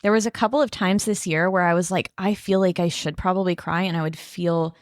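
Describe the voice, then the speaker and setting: A woman's voice: lowish voice, fairly even intonation, brisk, no room sound, studio quality. A woman co-hosting a podcast, chatting candidly and laughing at herself. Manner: candid, self-deprecating, laughs often. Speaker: podcast co-host, orthopedic PA. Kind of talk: casual chat.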